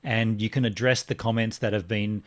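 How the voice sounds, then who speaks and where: A man's voice: fairly low pitch, steady tone, normal speed. Enthusiastic slangy man hosting a chat. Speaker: podcast host. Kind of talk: casual chat.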